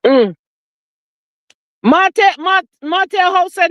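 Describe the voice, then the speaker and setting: Woman, fifties, chatty live-stream host, high voice, reads viewer comments, dry sound. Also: huge pitch swings, takes it slowly, dry recording. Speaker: talk show host. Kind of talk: casual live-stream chat.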